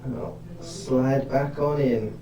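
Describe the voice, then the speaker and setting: A man's voice: medium pitch, fairly even intonation, slow pace. A man playing a tabletop game, thinking aloud hesitantly with fillers. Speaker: player. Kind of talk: casual chat at a game table. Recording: echoey room, far from mic, noisy.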